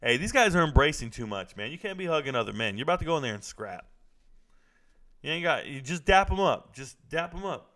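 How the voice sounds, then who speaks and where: Reacting to a fight on a live stream, a young male host jokes loosely and chats with his viewers in a casual commentary style. His voice is a little high, sing-song and brisk, with a pushed, bright quality.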